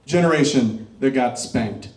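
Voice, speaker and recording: A man's voice: medium pitch, a little slow. Middle-aged man doing stand-up in a roomy club. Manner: crowd work, deadpan dark punchlines. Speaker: stand-up comedian. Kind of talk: stand-up comedy set. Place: comedy club stage before a laughing crowd. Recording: roomy club sound, mic picked up from a distance.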